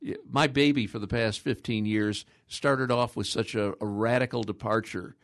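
An older man who hosts a call-in radio show, talking in halting phrases with many restarts. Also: lowish voice, steady tone, fairly bright tone, dry recording, studio quality.

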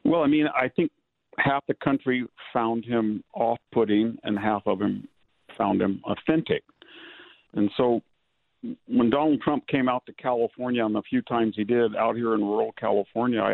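Older male guest, low gravelly voice, thin phone-line sound, analytical interview talk. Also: steady tone, no room sound. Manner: measured, analytical, digressive. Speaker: guest, historian and author. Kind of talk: political interview. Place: rural California. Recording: dry phone-line audio.

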